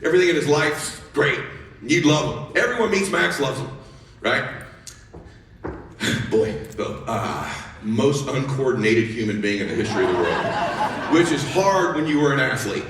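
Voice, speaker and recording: A man's voice: medium pitch, lively intonation, moderate pace, background noise. A middle-aged man giving a motivational talk, telling a story with animation and acting out the dialogue. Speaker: motivational speaker. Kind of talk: motivational speech to an audience. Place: large hall with audience laughing. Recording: echoey hall, voice from far off.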